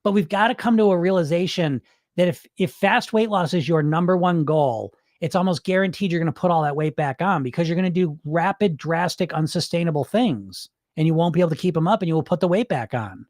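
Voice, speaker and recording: A man coaching about weight loss on a live stream in casual talk, excitable and blunt, swearing as he gets worked up. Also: a little high, brisk, no echo, studio quality. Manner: informal and blunt.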